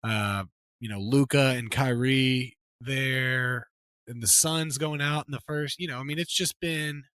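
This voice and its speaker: Bright-voiced rambling sports podcaster man. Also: mid-range voice, fairly even intonation, unhurried, clear, resonant tone, no room sound. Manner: rambling, emphatic, lots of restarts and "dude". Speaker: podcast co-host. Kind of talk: casual sports chat.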